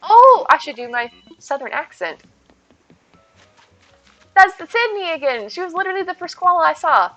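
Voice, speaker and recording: A woman's voice: very high voice, sing-song, moderate pace, pauses often, fairly bright tone, soft background music. A woman live-streaming from home, chatting casually and upbeat with her viewers and thanking them as she plays. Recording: dull lo-fi stream audio.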